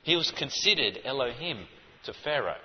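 A man's voice: mid-range voice, sing-song, moderate pace, a little hiss or hum. Emphatic male preacher in a reverberant hall. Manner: emphatic teaching, rising to forceful stresses. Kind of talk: sermon. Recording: dull audio with long hall reverb.

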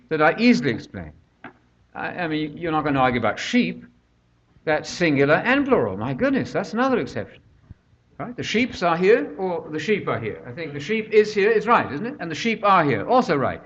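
A man's voice: fairly high pitch, very animated, fairly quick, fairly bright tone, slight background noise. An older man preaching a conversational sermon, full of rhetorical questions, recorded on a dull lo-fi track.

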